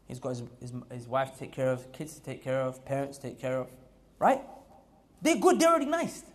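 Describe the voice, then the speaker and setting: A man preaching to a gathering in a mosque, emphatic and repetitive, often building up to loud exhortation. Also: medium pitch, huge pitch swings, fairly quick. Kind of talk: mosque talk. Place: mosque hall.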